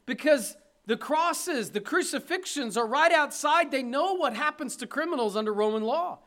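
A man's voice: very high-pitched, expressive, moderate pace, sharp tone. A man preaching an emphatic sermon, reading scripture aloud and putting rhetorical questions to his listeners.

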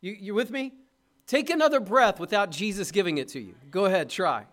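A middle-aged man preaches from the pulpit in a fairly high voice. He drives his points hard and loud, then drops into a soft, tender tone. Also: animated, fairly quick. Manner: impassioned preaching, swings between loud urging and soft tenderness. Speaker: pastor. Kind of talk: sermon.

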